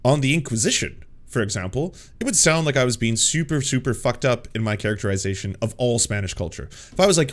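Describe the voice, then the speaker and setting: A man hosting a casual commentary in an average-pitched voice. He stammers and repeats words, and he sounds sarcastic and exasperated. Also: animated, quick pace, hardly any pauses. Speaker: host.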